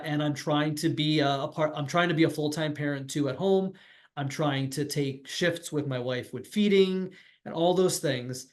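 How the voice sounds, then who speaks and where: A middle-aged man on a video call, telling his own story candidly and reflectively, often restarting his sentences. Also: fairly high pitch. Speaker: pediatrician and webinar panelist. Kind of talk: personal account on a professional webinar.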